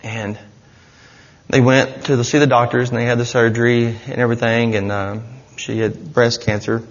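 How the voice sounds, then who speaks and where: A man's voice: mid-range voice, flat delivery, moderate pace, big-room sound, highs cut off. A man giving an earnest, rambling personal testimony in church, with many restarts. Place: church hall.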